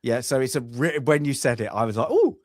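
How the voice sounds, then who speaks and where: A man's voice: mid-range voice, fast talker. A man co-hosting a film review podcast in casual chat, ranting with exasperation and stumbling over his words, repeating himself as he restarts sentences. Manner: exasperated, animated dislike.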